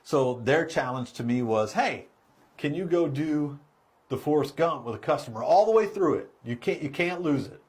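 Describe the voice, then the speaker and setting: A middle-aged man, a car sales trainer, telling a story in a casual, animated way and laughing as he goes. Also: a little high, normal speed.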